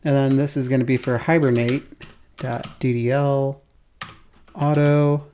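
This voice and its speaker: A man's voice: mid-range voice, level tone, unhurried, mellow, slight background noise. A man hosting a code-along programming tutorial, thinking aloud as he types, with keyboard typing behind him.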